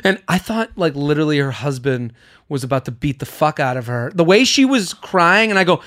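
Animated young man telling a story. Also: fairly high pitch, fairly quick. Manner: animated storyteller, acts out quotes, swears freely. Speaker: podcast host. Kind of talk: casual chat, storytelling.

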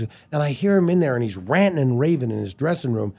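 A man from Canada, a guest on a podcast, telling casual anecdotes with many restarts and quick slips into impressions. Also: medium pitch, big pitch swings, creaky, mellow, slightly rough.

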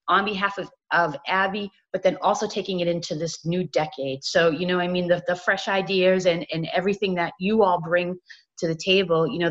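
Woman podcast host, rambling chatty delivery, low pitch, muffled audio. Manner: rambling, many "you know" fillers. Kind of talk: casual podcast interview.

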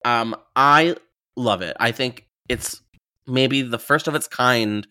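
A man's voice: mid-range voice, slow pace, bright, forceful tone, clear, resonant tone, no echo, studio quality. A man co-hosting a podcast, giving playful, opinionated takes on a movie in casual chat. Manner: opinionated, playful, repeats words when starting. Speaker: podcast co-host.

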